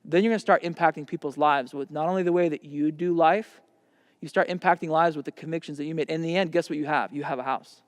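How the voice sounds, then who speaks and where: A man's voice: on the high side, steady tone, fast. Emphatic man speaking in a hall. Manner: conversational, emphatic, acts out imagined dialogue. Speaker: seminar speaker. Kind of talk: seminar talk to young people. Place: camp seminar hall.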